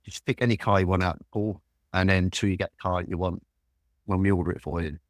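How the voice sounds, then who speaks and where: A London man in his sixties telling lively stories as a guest in an interview, swearing freely. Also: low voice, fast, dry recording, studio quality. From Walthamstow, London.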